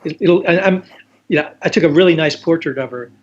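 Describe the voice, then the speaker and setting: A man's voice: a little high, brisk. A man being interviewed as a magazine editor, talking casually with many restarts and frequent "you know"s. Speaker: magazine editor and photographer, guest. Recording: dull lo-fi sound with faint background hiss.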